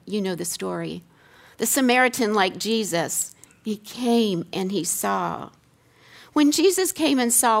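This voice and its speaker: A woman's voice: medium pitch, gravelly. A middle-aged woman gives an earnest teaching talk on scripture. She asks rhetorical questions and repeats key lines for emphasis. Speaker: seminary teacher giving a talk.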